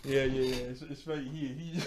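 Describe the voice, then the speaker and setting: A man's voice: medium pitch, fairly even intonation, moderate pace, background noise. A man casually recapping a cartoon episode. He rambles, repeats himself and laughs a lot.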